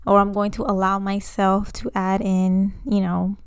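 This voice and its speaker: A young woman hosting her first casual podcast from home, chatty and excitedly nervous, with many fillers. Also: mid-range voice, a little slow, clear, resonant tone, no room sound, studio quality. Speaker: podcast host. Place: home room, indoors. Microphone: home microphone.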